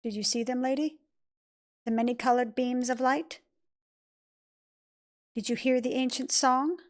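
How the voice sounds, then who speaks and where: A woman voicing a cryptic, hushed young boy. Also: high-pitched, fairly even intonation. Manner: soft, measured and cryptic. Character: mysterious calm young boy who stops time. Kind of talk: reading game cutscene lines aloud.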